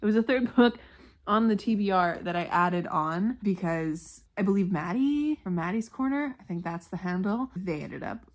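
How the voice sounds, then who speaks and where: A young woman talking casually at home in a reading vlog, candid and quick to swear and laugh. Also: mid-range voice, animated. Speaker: book vlogger.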